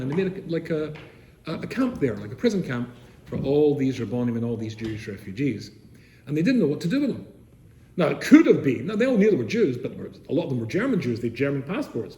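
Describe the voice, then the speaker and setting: An older man from England, a rabbi telling stories to seminary students, animated, with rhetorical questions, swinging from loud to soft. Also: medium pitch. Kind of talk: storytelling talk to students. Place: seminary room, indoors. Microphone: camera he set up himself. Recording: echoey room with faint noise.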